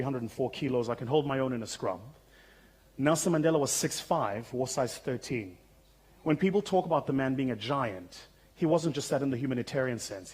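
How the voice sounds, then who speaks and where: Husky South African man telling stories on stage. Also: mid-range voice. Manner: humorous, conversational, vivid storytelling. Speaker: keynote speaker. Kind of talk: storytelling keynote speech. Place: conference stage.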